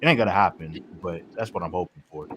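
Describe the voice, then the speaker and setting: A man's voice: sits low, quick pace, fairly bright tone. A man co-hosting a casual sports chat, stammering and laying out his points one by one. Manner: repeats words, lists points by number. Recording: faint background noise.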